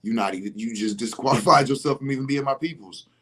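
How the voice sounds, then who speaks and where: A young adult man hosting a podcast, telling a story in casual chat, animated and profane, often getting loud and emphatic. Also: medium pitch, quick pace. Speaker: podcast host.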